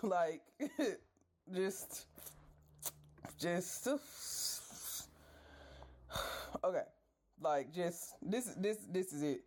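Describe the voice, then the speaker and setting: A woman's voice: lowish voice, very slow, long pauses, noisy background. A woman podcast host telling a story in a casual rant, exasperated, swearing freely and talking straight to her listeners.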